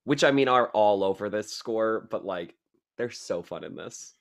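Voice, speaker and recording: A man's voice: on the low side, unhurried, creaky. A man co-hosting a podcast, gushing about a movie with enthusiasm and dry teasing in casual chat, recorded over a remote call. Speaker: podcast co-host.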